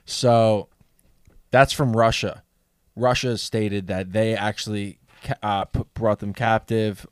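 A man's voice: fairly low pitch, steady tone, slow pace, clean tone, dry recording, clean studio sound. A man on a casual podcast, explaining his point earnestly, step by step.

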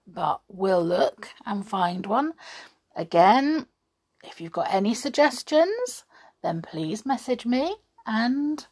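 A woman's voice: mid-range voice, a little mellow, slightly rough. A woman reading a children's story aloud, then chatting in a homely way to her listeners. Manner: chatty, homely, laughing asides.

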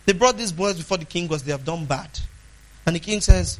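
A man preaching a sermon, emphatic, asking the congregation questions and swinging between loud declarations and hushed asides. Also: high-pitched, expressive, brisk, poor audio.

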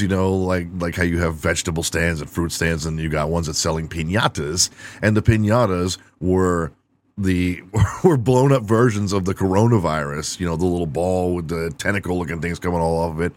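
Deep-voiced profane comedic man. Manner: irreverent, profane, laughing at own jokes. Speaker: podcast host. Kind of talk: casual comedic monologue.

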